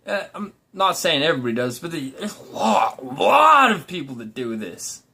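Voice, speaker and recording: High-voiced man ranting casually. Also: big pitch swings, normal speed, creaky, hardly any pauses, bright, forceful tone, breathy edge. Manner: blunt, profane, rambling with restarts. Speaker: vlogger.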